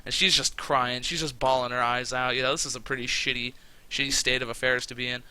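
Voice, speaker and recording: A man giving casual let's-play commentary, excitable and profane. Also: mid-range voice, fairly quick, clean tone, no room sound, rough recording. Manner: excitable and profane, with frequent fillers. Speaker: game commentator.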